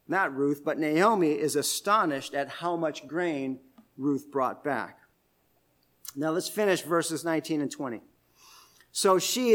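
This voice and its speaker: In a conversational expository sermon, a pastor walks his listeners through the text one step at a time and questions them along the way. His voice sits on the high side with a fairly bright tone.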